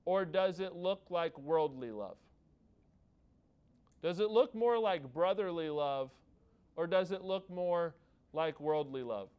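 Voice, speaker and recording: A man's voice: on the high side, clean tone, lo-fi sound. A man in his thirties, a pastor delivering a sermon in a conversational way, telling family stories and checking in with the congregation with "okay?" and "all right?". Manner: tells family stories with a light touch.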